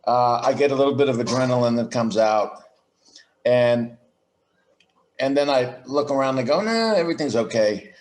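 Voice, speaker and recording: A man's voice: mid-range voice, fairly even intonation, darkish tone, echoey room. A man speaking as a podcast guest over a video call, explaining his ideas thoughtfully and restarting his sentences often. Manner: slow, reflective explaining with frequent restarts. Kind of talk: conversational interview.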